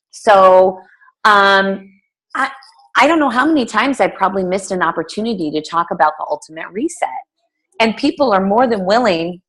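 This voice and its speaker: A woman's voice: medium pitch, expressive, normal speed, fairly bright tone. A middle-aged woman, a fitness coach, giving a casual team training talk, chatty with many fillers and restarts.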